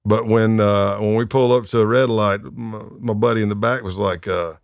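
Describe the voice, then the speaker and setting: A man's voice: fairly low pitch, fairly even intonation, normal speed, vocal fry, clean tone, no room sound, clean studio sound. A middle-aged man, a retired undercover agent, telling crime stories in a casual, laid-back way, with lots of fillers and chuckles. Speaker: retired FBI undercover agent, podcast guest. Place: podcast studio.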